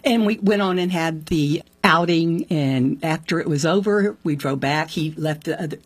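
A woman telling the story of her conversion in conversation. She acts out what people said with sudden jumps in pitch and laughs often. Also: moderate pace, breathy edge, dry recording. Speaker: guest sharing her faith testimony.

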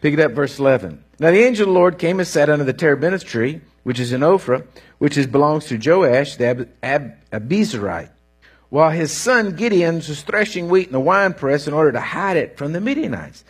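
Husky, animated preacher man. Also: fairly high pitch, brisk. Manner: animated, folksy storytelling with rising bursts. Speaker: pastor. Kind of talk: sermon.

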